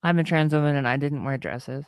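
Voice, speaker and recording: A woman guest on a live stream, talking in an animated, indignant way with frequent restarts. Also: sits low, a little fast, clean tone, no room sound, studio quality. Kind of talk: casual live stream chat.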